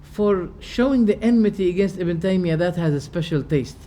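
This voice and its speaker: A man lecturing a class on religious belief. His voice sits a little high for a man, and he speaks emphatically. He poses rhetorical questions, stumbles into restarts and restates each term. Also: lively intonation, normal speed, dark tone. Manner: explains terms by restating them. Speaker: religious teacher.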